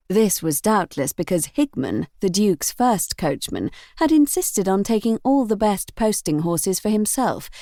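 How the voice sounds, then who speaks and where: A woman narrating an audiobook novel in an expressive, measured storytelling manner. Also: lowish voice, vocal fry, dry recording, studio quality.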